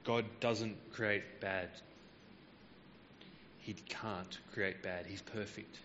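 A man's voice: lowish voice, fairly even intonation, very slow, a bit bright, long reverb tail, highs cut off, a little hiss or hum. A man preaching a Bible teaching sermon, explaining verses patiently with frequent hesitant fillers.

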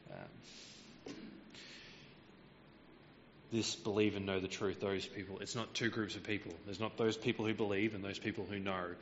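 A man's voice: lowish voice, steady tone, moderate pace, pauses often, in a large hall, lo-fi sound, a little hiss or hum. A man preaching a Bible teaching sermon, explaining verses patiently with frequent hesitant fillers.

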